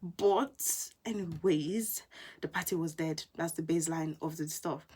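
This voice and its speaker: A young woman, a university student telling stories in a casual vlog, animated and full of quoted asides. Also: lowish voice, moderate pace, breathy edge. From England. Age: young adult.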